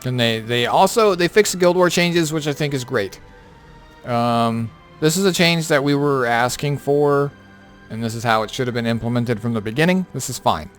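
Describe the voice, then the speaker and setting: With faint music behind him, a gaming content creator talks at a normal speed in a medium-pitched voice. He's been up all night and goes over the patch notes casually, rambling with lots of fillers and offhand asides.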